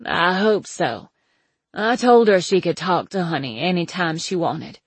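A hoarse, weary old grandmother, voiced by a woman reading an audiobook, speaking slowly with a phlegmy rasp. Her voice sits low, and the recording is dry and close. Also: no echo, full character voice. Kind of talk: audiobook character voice.

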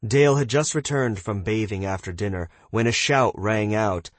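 At a moderate pace and with no echo, a man reads a fantasy novel aloud as an audiobook. He keeps the narration even but performs the characters himself, shouting and raising his pitch for them.

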